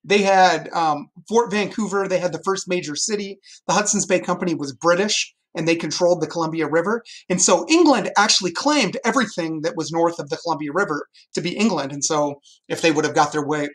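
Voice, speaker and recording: A male teacher giving a lively history lesson to his class, joking and pointing things out as he explains. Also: fairly high pitch, a little fast.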